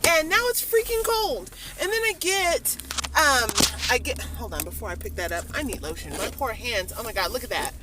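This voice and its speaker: Lively chatty woman ranting from her car. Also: fairly high pitch, normal speed, background noise. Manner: chatty, rambling, frequent ums and laughs. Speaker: vlogger. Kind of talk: casual rant vlog. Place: in a parked car. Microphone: phone camera held or set down.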